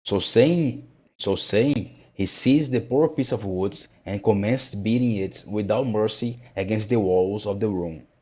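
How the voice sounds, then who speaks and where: A man reading a children's classic aloud in a measured, steady way. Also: fairly low pitch, slightly rough. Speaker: narrator. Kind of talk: storybook read-aloud.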